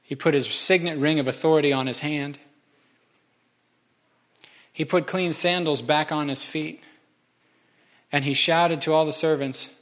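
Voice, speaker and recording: A man's voice: medium pitch, steady tone, normal speed, long pauses, fairly bright tone. A man preaching a sermon, conversational and joking with the congregation. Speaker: pastor.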